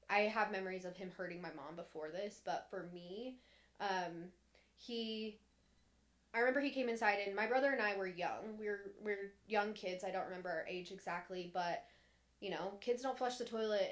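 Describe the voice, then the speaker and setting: A young woman on a podcast, casually recounting her childhood in a candid, rambling way, full of "like" and restarts, sometimes voicing others in a sharper tone. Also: medium pitch. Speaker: podcast co-host. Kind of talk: casual personal storytelling.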